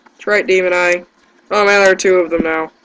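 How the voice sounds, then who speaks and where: High-voiced man panicking through gameplay. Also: fairly even intonation, a little fast, pushed and bright, clear, resonant tone, rough recording. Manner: panicky yelps and self-deprecating groans. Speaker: let's play gamer. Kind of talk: gameplay commentary.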